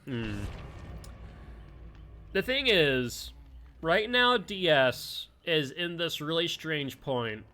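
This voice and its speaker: A man's voice: medium pitch, sharp tone, slight background noise. A man streaming a video game, chatting casually and musing aloud about the match and the game's balance. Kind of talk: gameplay commentary.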